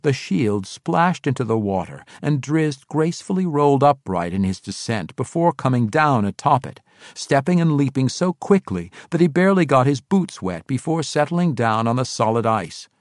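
A man narrates a story expressively, and his pitch rises and falls in an animated way. He is on a close studio mic with a dry sound and no room around it. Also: normal speed, dry recording. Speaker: audiobook narrator. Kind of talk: scripted narration.

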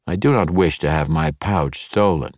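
A man reading an audiobook and voicing a sly, playful male dark elf mercenary leader who talks smoothly and teasingly. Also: extremely low pitch, normal speed, dry recording, studio quality.

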